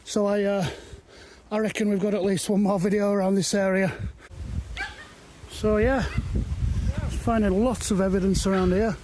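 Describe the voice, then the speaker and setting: Chatty high-voiced man outdoors. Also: level tone, normal speed, long pauses, darkish tone, slight background noise. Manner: chatty, rambling, easily amazed; walking uphill, at times a bit out of breath. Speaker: walking vlogger. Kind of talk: casual walk-and-talk narration. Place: outdoors on hilly woodland paths.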